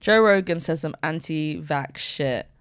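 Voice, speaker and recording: A young woman with a smooth, clear voice and a fairly low pitch, talking in a blunt, casual way. She swears freely and drifts into fillers as she goes. The sound is dry and close, with no room around it. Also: measured pace, dry recording. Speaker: podcast co-host. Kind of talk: casual chat.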